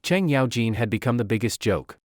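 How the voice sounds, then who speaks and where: Male recap narrator, expressive mid-pitched voice, dry close mic. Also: fairly quick, no room sound.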